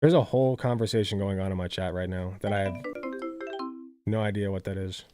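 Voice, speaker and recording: A man's voice: low voice, fairly even intonation, a little fast, dark tone, clean tone, faint music behind. A tired man live-streaming, chatting casually, rambling with lots of "like" and swearing.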